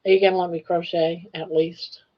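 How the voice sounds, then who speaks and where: On a live crochet stream with dull lo-fi audio, an older woman greets viewers and chats fondly with her pet. Her voice sits on the low side, brisk, with little pitch movement.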